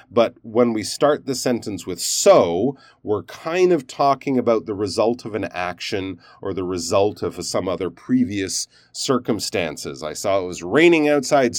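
A man's voice: lowish voice, dry recording, studio quality. A man teaching pronunciation, reviewing learners' recorded sentences and explaining stress and endings in an encouraging, explanatory way.

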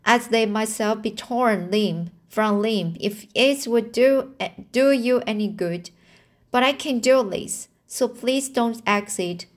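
Stubborn, dramatic young orphan girl, read by a woman in a slow, earnest storybook voice. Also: a little high.

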